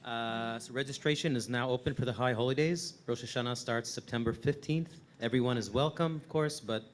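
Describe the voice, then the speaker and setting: A man's voice: medium pitch, fairly quick, slight background noise. A man reading congregation announcements in a casual way, with fillers.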